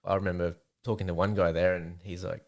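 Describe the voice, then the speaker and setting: A plain-spoken man talks as a podcast guest about hunting. His voice sits low, with a gravelly fry at the bottom. He keeps it easygoing and laughs often. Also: flat delivery, fast, a little mellow. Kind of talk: casual chat.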